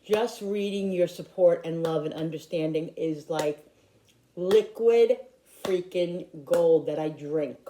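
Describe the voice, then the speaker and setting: Speaking slowly in a dark, lowish voice, a middle-aged YouTuber in upstate New York rambles warmly to her viewers in a personal vlog, often starting her sentences over. A little hiss or hum is audible in the recording.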